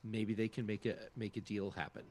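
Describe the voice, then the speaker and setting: A man's voice: fairly low pitch, flat delivery, brisk, a little mellow, slight background noise. A man hosting a casual tech podcast, upbeat and loose with lots of fillers as he thanks the sponsor and wraps up. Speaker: podcast host.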